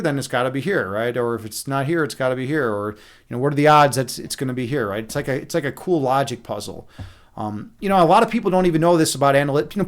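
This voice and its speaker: A middle-aged man hosting a livestream, chatting casually and loosely, with many restarts, fillers and the odd curse. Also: mid-range voice. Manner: loose and profane. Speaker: livestream host. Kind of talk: rambling casual livestream chat.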